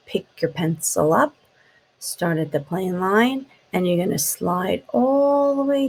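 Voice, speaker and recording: Slow, gravelly woman teaching phonics. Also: lowish voice, lively intonation, rough recording. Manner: slow, sounds out letters and taps words. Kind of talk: phonics lesson for young children.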